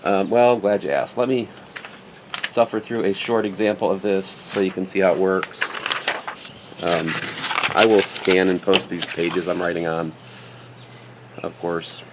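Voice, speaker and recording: Steady and measured, a low-voiced math instructor works a problem aloud at the board in a recorded lecture, leaving long pauses. He drops in joking asides and mutters self-corrections, over some background noise.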